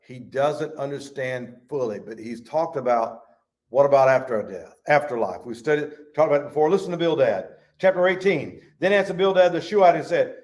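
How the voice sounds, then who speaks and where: A man's voice: medium pitch, lively intonation, brisk, a little mellow. A man teaching a Bible study in a folksy, emphatic way, reading scripture aloud.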